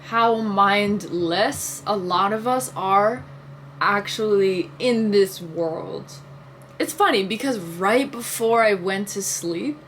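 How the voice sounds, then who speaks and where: A woman's voice: medium pitch, fairly bright tone, slight background noise. A young woman vlogger telling a long dream story and musing aloud, full of "like" fillers and casual swearing.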